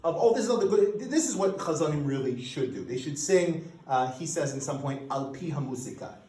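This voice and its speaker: A man giving an academic lecture, lively and animated, often restarting his sentences as he explains a source. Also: fairly high pitch, a little fast, echoey room, slight background noise, low-quality recording. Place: lecture room.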